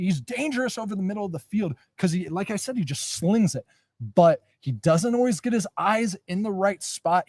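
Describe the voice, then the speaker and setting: Brief: young male host, slightly high voice, dry close sound, emphatic. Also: a little mellow, dry recording. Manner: upbeat, emphatic predictions. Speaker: sports show host. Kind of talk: sports analysis chat.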